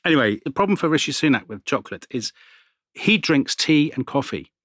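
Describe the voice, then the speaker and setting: Lively man telling history. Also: mid-range voice, a little fast, no echo, studio quality. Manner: animated storytelling, laughs often. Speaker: podcast co-host. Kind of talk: conversational history chat.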